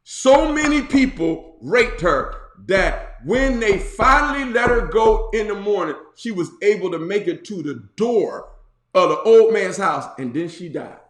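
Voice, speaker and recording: A male pastor preaching a sermon, retelling a story in colloquial slang with lively asides. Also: sits high, unhurried. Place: church. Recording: roomy echo.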